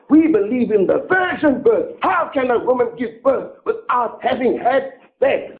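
A man's voice: extremely high pitch, expressive, a little slow, vocal fry, hardly any pauses. A middle-aged man preaching a sermon in a sarcastic, mocking, theatrical way. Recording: narrow tinny phone-like sound.

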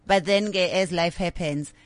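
A woman's voice: fairly low pitch, moderate pace, no room sound. A middle-aged woman with a South African accent, a guest telling her life story candidly in a casual interview. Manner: candid, storytelling, slips in Zulu words.

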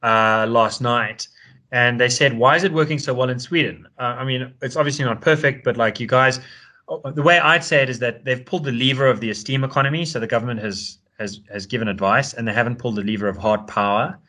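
A man from South Africa co-hosting a casual discussion, chatty and quick, restarting sentences and laughing easily. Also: medium pitch, pushed and bright.

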